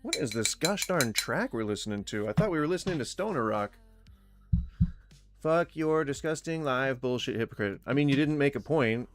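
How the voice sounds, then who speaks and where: A man from Florida hosting a casual livestream, rambling with fillers and restarts, blunt and quick to swear. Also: medium pitch, big pitch swings. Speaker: livestream host. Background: faint music.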